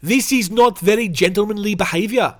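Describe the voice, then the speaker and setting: A man's voice: high-pitched, fairly quick, pitched above the performer's own voice, lightly acted. A man putting on a South African accent to voice an affronted older picnicker. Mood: indignant. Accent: put-on South African.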